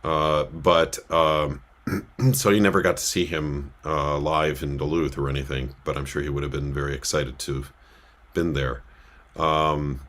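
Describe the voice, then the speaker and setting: A man's voice: extremely low pitch, fairly even intonation, a little slow, a bit bright. A man who works as a cantor, telling a casual story in a rambling way with many filler sounds, speaking from a synagogue.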